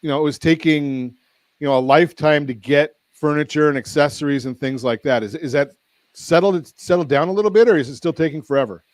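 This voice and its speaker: A fast-talking radio host with a voice on the high side runs a casual talk show, with no echo in the sound. He rambles along, corrects himself as he goes and jokes with his guest.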